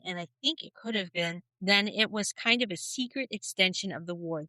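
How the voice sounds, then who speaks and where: A woman co-hosting a podcast, telling a conspiracy story in a casual, animated storytelling way. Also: lowish voice, no room sound, rough recording. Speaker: podcast co-host.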